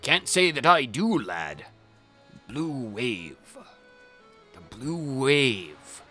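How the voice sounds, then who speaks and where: A man voicing a forgetful old male ship captain in a video game playthrough, speaking in a gruff drawl. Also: mid-range voice, huge pitch swings, slow pace, darkish tone, faint music behind, exaggerated voice.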